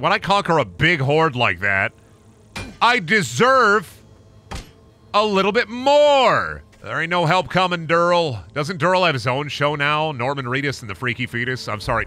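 Lively, bright young man streaming a game. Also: on the high side, normal speed. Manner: rambling, joking, profane asides. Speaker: gaming streamer. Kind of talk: casual game-stream commentary.

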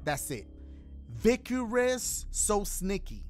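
A man's voice: high voice, animated, moderate pace, fairly bright tone, soft background music. A man streaming a game, chatting casually and reading donations in loose slang with joking asides. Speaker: gaming streamer.

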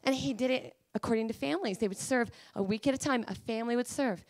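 A woman preacher delivering a sermon, emphatic and pleading, at times rising to high fervent cries. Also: fast.

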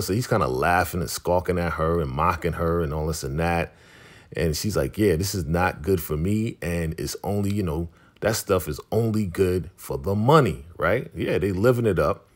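Low-voiced guy doing a laid-back episode recap, slangy, acts out the lines. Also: moderate pace. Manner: retells scenes by quoting characters, street slang. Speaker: recap host.

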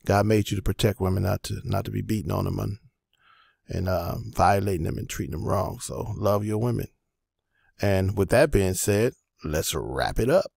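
A man hosting a casual music production tutorial, talking in a laid-back, loose way with many pauses and fillers. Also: low-pitched, gravelly, a little mellow, breathy edge, no room sound.

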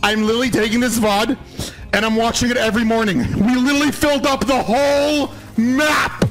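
A man streaming slot spins from home, screaming and laughing in disbelief at his wins, his voice hoarse and nearly gone. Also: very high-pitched, steady tone, a little fast, fairly bright tone, soft background music, low-quality recording. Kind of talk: excited live-stream reaction.

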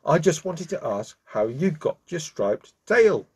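A vain young bee from a storybook, politely eager and quick to say sorry, voiced by a man telling the tale. His voice is slightly husky, with lively ups and downs. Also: fairly high pitch, voice pushed up, heavily acted.

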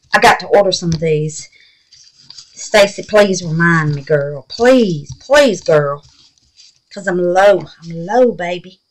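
A woman's voice: mid-range voice, fairly bright tone, low-quality recording. An older woman with a Southern US accent hosting a casual crafting vlog, chatty and gushing, calling her viewers honey and babies. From Mississippi, USA. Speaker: resin craft channel host.

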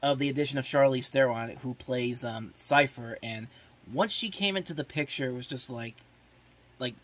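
A man's voice: medium pitch, normal speed, a bit bright. A man hosting a podcast, giving a casual, rambling movie preview full of "like" fillers and restarts, openly opinionated and exasperated. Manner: opinionated, exasperated about films. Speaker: podcast host.

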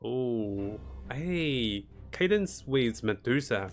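A man's voice: mid-range voice, lively intonation, extremely slow, a little hiss or hum. A man streaming a strategy game, thinking his moves aloud, greeting viewers and chuckling often. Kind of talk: live gameplay commentary.

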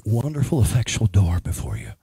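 Praying over a woman in church, a prophet speaks with strong emphasis. His voice is on the low side and fairly quick, creaky and warm with a breathy edge, swinging hugely in pitch, and there is no room sound.

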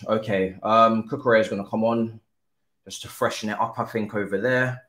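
A young man, commentating live on his own football video game, excitable and cursing at the players. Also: on the low side, a little fast. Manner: excitable, shouts and swears at the players. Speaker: gaming streamer. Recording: echoey room.

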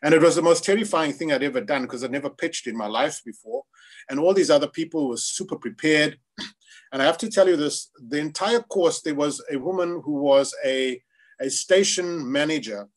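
Man from South Africa, interview guest, lively storytelling, mic voice on the higher side. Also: moderate pace. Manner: animated storyteller, acts out quoted voices. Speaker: screenwriter guest.

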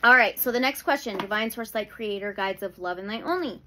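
A woman giving a pick-a-pile tarot reading, slow and soothing, with sudden excited outbursts. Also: fairly high pitch, a little hiss or hum. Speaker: tarot reader.

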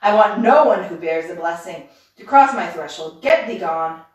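A woman reading a storybook aloud, voicing a fierce, snappish old witch in slow, archaic speech, recorded from a distance in a roomy space. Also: on the low side, animated. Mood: furious.

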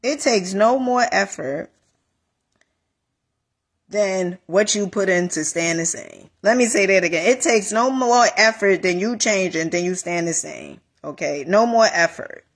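A woman life coach giving a casual motivational talk, animated, repeating phrases and calling listeners honey. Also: mid-range voice, unhurried, slightly rough.

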